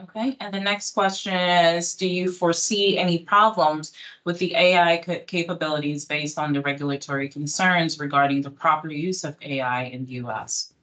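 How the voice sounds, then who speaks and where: A woman's voice: sits low, steady tone, normal speed, a bit bright, poor audio. A woman moderating a webinar, giving housekeeping notes and reading out audience questions in a friendly, practical way over a video call.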